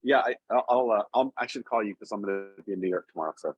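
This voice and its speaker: A man hosting a casual group discussion, relaxed and halting at times, reading comments aloud. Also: fairly low pitch, muffled recording.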